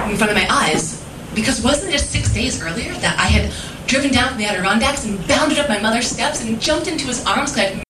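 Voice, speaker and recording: A young woman telling an earnest, emotional personal story on a stage, heard from a distance. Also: a little high. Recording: roomy live recording from far off, audible noise.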